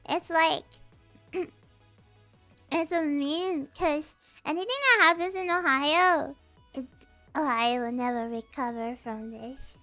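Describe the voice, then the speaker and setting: Super high-pitched woman streamer, drawn-out slow delivery, giggly and rambling, soft music under her. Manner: giggly, rambling, with many restarts. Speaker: streamer teaching slang. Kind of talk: casual livestream explanation.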